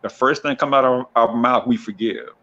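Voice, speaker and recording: A man's voice: medium pitch, normal speed, pushed and bright. A man joining a livestream as a guest, talking bluntly and emphatically, with many restarts. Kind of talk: casual livestream chat. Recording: dull lo-fi call audio.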